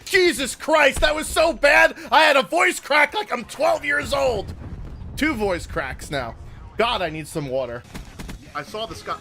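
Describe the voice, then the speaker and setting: A man streaming a shooter game, yelling and swearing in fury at his teammates and the game. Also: extremely high pitch, very animated, moderate pace, faint music behind. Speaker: gaming streamer. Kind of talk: angry live gameplay commentary.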